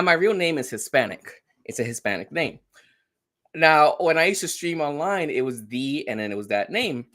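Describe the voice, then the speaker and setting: A man's voice: a little high, a bit bright. A middle-aged man from the Bronx with a New York accent, a guest chatting bluntly and straightforwardly in an interview, laughing often. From the Bronx, New York City. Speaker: guest streamer. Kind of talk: casual interview chat.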